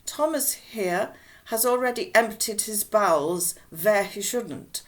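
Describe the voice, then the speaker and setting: A woman's voice: mid-range voice, takes it slowly, lightly acted. A woman reading aloud voices a fussy older neighbour lady with a German accent, chatting and doting on her cat. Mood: chatty. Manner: chatty, doting, mildly scolding.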